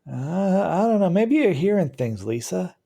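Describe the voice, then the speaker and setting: A man's voice: high-pitched, very animated, moderate pace, creaky, mellow, voice pushed up, exaggerated voice. A man voicing a drowsy young man who casually shrugs off worries. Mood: dismissive.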